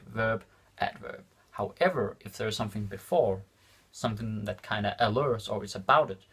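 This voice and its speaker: Male teacher, casual lesson delivery, slightly husky, slows down for examples. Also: medium pitch, a bit bright. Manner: repeats example sentences slowly, checks in with "right?". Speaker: language teacher. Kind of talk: casual lesson explaining grammar.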